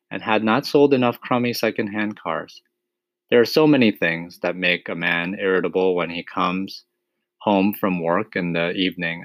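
Low-voiced man reading a storybook. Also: no room sound. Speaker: narrator.

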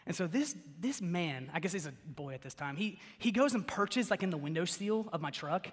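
A young male pastor with a high, bright voice delivers a laid-back sermon. He rambles through stories, peppering them with "like" and "okay?". His words ring with the long reverb of a large church hall. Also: normal speed. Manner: chatty and animated, lots of "like" and "okay?". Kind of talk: casual sermon with personal stories. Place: church sanctuary.

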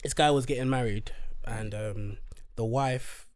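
A man, a podcast guest telling a story in casual chat, animated and laughing often. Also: medium pitch, unhurried.

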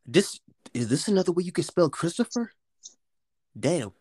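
A man's voice: a little high, sing-song, moderate pace, darkish tone, slightly rough. A man co-hosting a casual comedy podcast, joking and swearing as he stumbles through reading news stories aloud.

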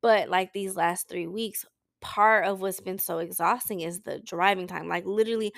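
Podcast host, woman, candid check-in, a bit gravelly, tearful, dry close sound. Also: mid-range voice, fairly even intonation, normal speed, a bit bright, no echo. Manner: candid, emotional, rambling with restarts. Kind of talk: personal check-in talk. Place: Saint Louis.

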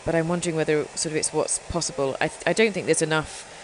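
A woman's voice: low-pitched, fairly even intonation, fast talker, a little hiss or hum. An English woman hosting a show, chatting casually and rambling with lots of fillers and hedges. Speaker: host. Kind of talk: casual radio chat.

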